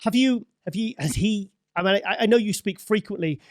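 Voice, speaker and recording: Male interviewer, high-ish voice, dry close sound, rambling friendly questions. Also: a little fast, a little mellow, dry recording. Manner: rambling, restarts questions, says "mate". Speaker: interview host. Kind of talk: casual interview.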